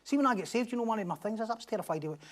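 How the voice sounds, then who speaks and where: Animated high-voiced man preaching. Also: racing. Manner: animated, acts out crowd voices, swings from loud to hushed. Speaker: pastor. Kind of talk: expository sermon.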